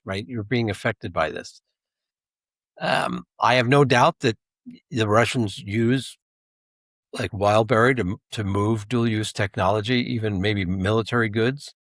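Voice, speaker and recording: A man's voice: fairly low pitch, no room sound. Rambling male podcast co-host. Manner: rambling, with restarts and asides. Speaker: podcast co-host, intelligence analyst. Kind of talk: casual podcast chat.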